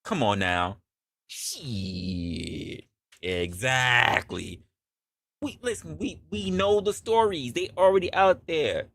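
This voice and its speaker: A man hosting a comedy opinion podcast, talking in a loud, profane, animated way and acting out scenes. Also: mid-range voice, slow pace, dry recording, studio quality. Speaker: podcast host.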